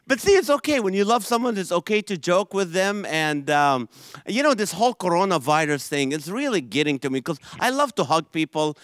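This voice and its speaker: Man, stand-up comedian, from Israel, high pitched, animated. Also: no room sound, studio quality. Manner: animated joke delivery with quick quoted voices.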